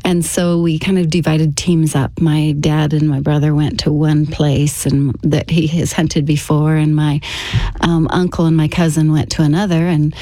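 A woman telling a personal story to an interviewer in a casual, halting way, with frequent restarts. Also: sits low, level tone, warm tone, dry recording. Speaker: interview guest.

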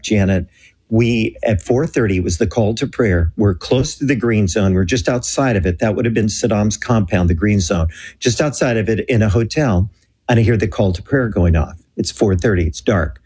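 A man telling a story in an earnest, animated way on a Christian talk show, acting out the dialogue. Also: lowish voice, husky. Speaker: guest telling a mission story.

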